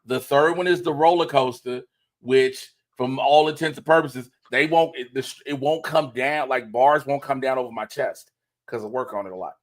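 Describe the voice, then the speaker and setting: A man chatting casually on a livestream he hosts. He tells stories with energy and acts out what other people said. His voice sits at a middling pitch. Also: normal speed. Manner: animated storyteller, acts out quoted dialogue. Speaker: host.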